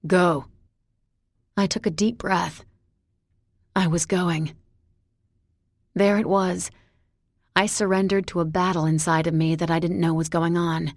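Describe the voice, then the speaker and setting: Woman audiobook narrator, first-person, introspective, slow, lowish voice. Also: little pitch movement, a little mellow, no echo, clean studio sound.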